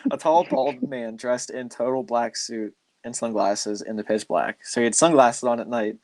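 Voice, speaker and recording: A man's voice: mid-range voice, steady tone, moderate pace, darkish tone, dry recording. A man hosting a podcast, telling a story in a loose, rambling way with lots of filler words. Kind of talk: casual storytelling chat.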